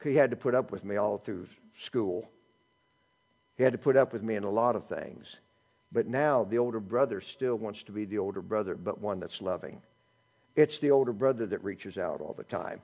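A middle-aged male pastor preaching a sermon, animated, with joking asides and swings between loud and hushed delivery. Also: on the low side, moderate pace.

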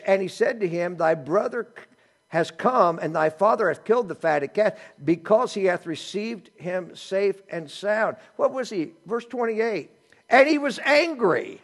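A middle-aged male pastor preaching a sermon, animated, with joking asides and swings between loud and hushed delivery. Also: high voice.

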